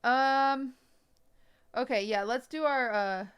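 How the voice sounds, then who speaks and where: A woman's voice: sits high, slow, fairly bright tone, clean tone. A woman hosting a casual livestream, chatting with her viewers and thinking aloud as she clicks through an app lesson, on a desk microphone. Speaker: livestream host.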